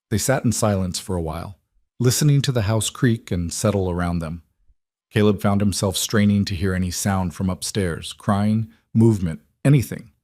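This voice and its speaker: A man with a fairly low voice reads a story in a calm, measured way. The sound is dry and close, with no room around it. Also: dry recording. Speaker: narrator. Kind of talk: scripted audiobook narration.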